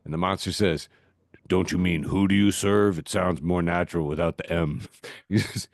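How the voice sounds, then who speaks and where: Laughing podcast host with dry sound. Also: male voice, sits low, fairly even intonation, normal speed, dry recording. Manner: laughs often, reads jokes aloud. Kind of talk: casual chat reading social media posts. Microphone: video call mic.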